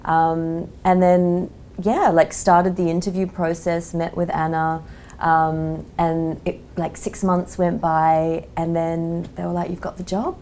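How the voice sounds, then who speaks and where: Mellow low-pitched Australian woman in her 30s, frank chatty interview guest. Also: flat delivery, takes it slowly, slight background noise. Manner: chatty, frank, many "like" and "um" fillers. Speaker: magazine editor, podcast guest. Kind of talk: casual interview chat.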